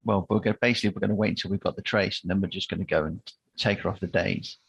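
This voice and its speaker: A man's voice: low-pitched, steady tone, rapid-fire, vocal fry, fairly bright tone, breathy edge, no echo, highs cut off. A man playing a tabletop game, asking practical questions. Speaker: player.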